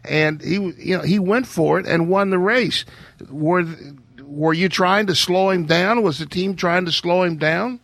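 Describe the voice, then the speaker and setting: Man, radio co-host, gravelly voice, dry studio sound, halting, restarts his questions. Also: high voice, a bit bright, no room sound. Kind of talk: radio talk show questioning.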